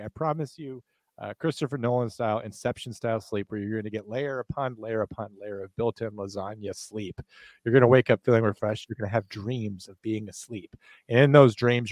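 In a lowish, darkish voice, a man co-hosting a podcast jokes his way through ad reads, laying the sales energy on thick for comedic effect. The recording is dry.

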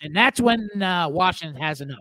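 Male host, high and lively voice, profane comic rant, dry studio mic. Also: brisk, no echo, rough recording. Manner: profane, animated, mimics family members. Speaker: sports betting show host. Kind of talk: comedic live-stream rant.

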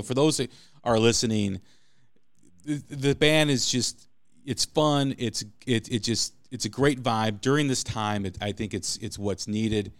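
Podcast host, male, lowish smooth voice, dry close sound, chatty interviewer. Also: no echo. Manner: chatty, animated storyteller. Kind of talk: casual interview chat.

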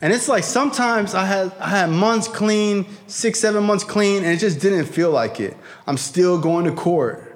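A man's voice: high voice, animated, normal speed, few pauses. A man telling a personal recovery story to a live audience, in a casual, profane, slangy way with frequent fillers. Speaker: speaker sharing a recovery story.

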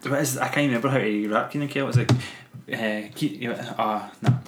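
A young man talks quickly through a casual film chat, restarting sentences and swearing as he goes. His voice rings in a roomy, echoey space. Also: mid-range voice, steady tone, noisy background. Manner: rambling, self-correcting, swears freely. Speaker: podcast co-host.

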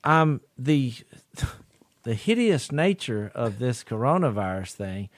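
A middle-aged man, telling a story in a folksy, animated way during casual chat. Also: medium pitch, takes it slowly, no room sound, clean studio sound. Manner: folksy, animated, laughs through his stories. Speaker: podcast co-host.

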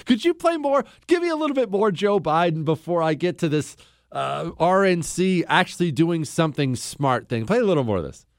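A man hosts a call-in radio show from a studio, chatting with quick jokes and chuckles. His pitch swings widely as he talks. The sound is close and dry, with no room echo. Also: big pitch swings. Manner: joking, chuckles often, quick asides. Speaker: talk radio host. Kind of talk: casual talk radio chat.

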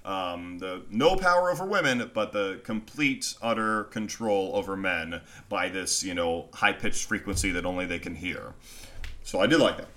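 Man, low voice, bright and forceful tone, casual movie podcast chat, profane, animated, acts out scenes. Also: moderate pace.

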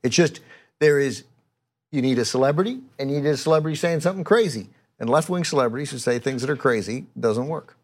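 A man's voice: medium pitch, quick pace, darkish tone. Hesitant middle-aged male co-host. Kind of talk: casual political chat.

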